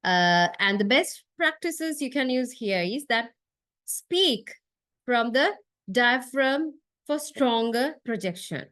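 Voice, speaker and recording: A woman's voice: fairly high pitch, lively intonation, slow pace, a bit bright, no room sound. Dry-voiced woman giving a lecture. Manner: frequent uh fillers and tag question right?; explanatory, step by step. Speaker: university lecturer. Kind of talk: classroom lecture.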